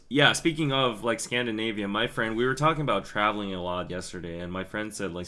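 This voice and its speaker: A young man hosting a live stream, chatting casually and rambling through stories and viewer comments with quick asides and laughs. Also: on the low side, pushed and bright. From Korea. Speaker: podcast host reading live chat.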